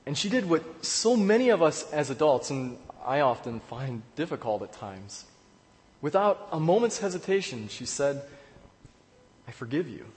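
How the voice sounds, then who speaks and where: Pastor telling a story in an echoey hall. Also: male voice, fairly high pitch, sing-song. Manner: storytelling with pauses and repeated words. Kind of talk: sermon. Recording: echoey hall with long reverb.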